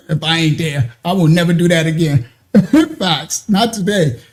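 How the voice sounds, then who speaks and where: Laughing man telling a lively story. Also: a little high, measured pace. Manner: animated, laughs often, acts out quoted voices. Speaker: show host telling a personal story. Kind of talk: casual storytelling.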